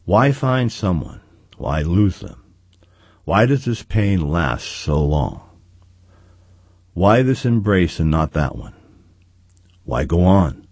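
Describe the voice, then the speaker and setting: Deep, husky man reading a story aloud. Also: no room sound. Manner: says "quote" and "end quote" aloud, measured and steady. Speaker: narrator. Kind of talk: audiobook reading.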